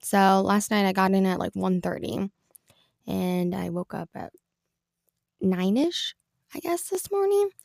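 A woman's voice: medium pitch, expressive, unhurried, creaky, pauses often, darkish tone, no room sound, studio quality. A young woman hosting her own podcast in casual, rambling chat with many ums, her voice a little congested. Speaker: podcast host. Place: small closet at home.

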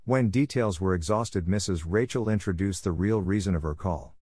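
A man narrating a classic novel as an audiobook in a steady, even reading. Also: sits low, normal speed, hardly any pauses, slightly rough, no echo, clean studio sound.

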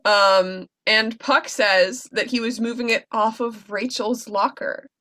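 A woman's voice: fairly high pitch, steady tone, slow, bright, forceful tone. A young woman co-hosting a podcast, recapping a TV episode with enthusiastic asides and lots of fillers. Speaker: podcast co-host. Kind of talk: casual chat recapping a TV episode.

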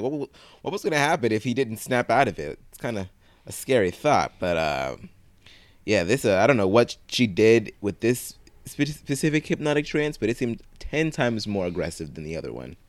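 Low-voiced man musing in a dry mic. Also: no echo. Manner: thoughtful, hesitant. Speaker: podcast co-host. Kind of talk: casual chat.

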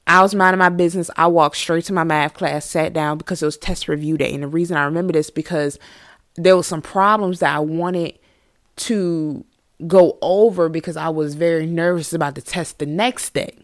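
A woman podcast host telling a storytime monologue in a candid, profane, animated way. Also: deep voice, moderate pace, dry recording, studio quality.

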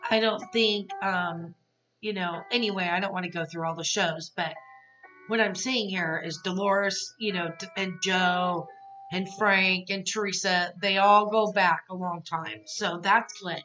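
Woman podcast host rambling thru a tv recap, bright forceful voice, kinda muffled audio. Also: mid-range voice. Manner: chatty, rambling, lots of fillers and asides. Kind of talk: casual reality TV recap chat.

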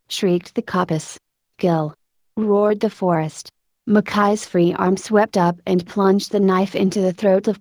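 A woman narrating a story in a steady, measured reading voice. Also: fairly low pitch, dry recording. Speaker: audiobook narrator.

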